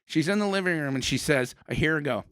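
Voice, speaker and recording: A man's voice: on the high side, lively intonation, fast, a bit bright, clear, resonant tone, no echo, clean studio sound. A middle-aged man hosting a podcast, rambling and telling stories in a casual, self-interrupting way. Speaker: podcast host.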